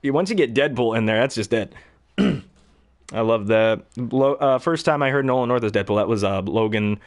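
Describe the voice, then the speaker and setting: A man's voice: medium pitch, quick pace. A young man chatting casually about voice acting, rambling with lots of fillers and laughs. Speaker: hobby voice actor. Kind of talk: casual chat.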